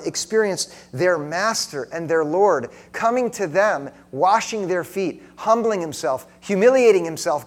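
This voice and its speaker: A man delivering a sermon with an earnest, direct manner. His voice sits a little high for a man. He questions his listeners often and slips into soft, intimate tones to drive points home. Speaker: preacher.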